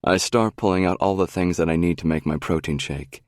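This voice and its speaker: Very deep-voiced brooding male narrator. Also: moderate pace, few pauses, no room sound, clean studio sound. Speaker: audiobook narrator. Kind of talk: first-person romance audiobook narration.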